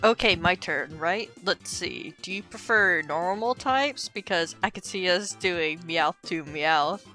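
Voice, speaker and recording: A woman voicing a shy, anxious young female creature in a casual comic read-aloud, earnest and soft-spoken. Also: fairly low pitch, expressive, unhurried, hardly any pauses, soft background music. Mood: tender. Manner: earnest, softly narrating, amused.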